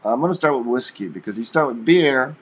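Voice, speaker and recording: A man co-hosting a live stream, chatting and joking in a playful, teasing, rambling way that swings between loud and soft. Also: medium pitch, animated, fairly quick, a little hiss or hum. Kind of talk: casual joking chat.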